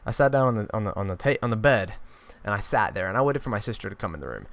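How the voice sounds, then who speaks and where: Animated teen guy telling a story. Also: lowish voice, rapid-fire, vocal fry, no room sound. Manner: animated storytelling with frequent restarts. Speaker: YouTuber. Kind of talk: storytime vlog.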